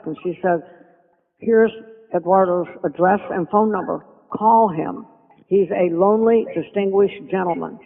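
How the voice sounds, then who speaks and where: An older woman telling stories as a podcast guest, animated and acting out the voices of people she quotes. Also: lowish voice, creaky. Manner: animated storyteller who acts out quoted speech. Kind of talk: reminiscing interview storytelling. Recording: tinny phone line with long reverb.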